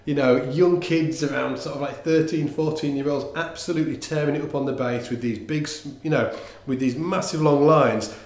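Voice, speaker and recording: A man giving a casual online bass lesson, talking in a relaxed, rambling way with lots of fillers and restarts. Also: normal speed, echoey room. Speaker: bass teacher. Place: room with instruments, bass played along.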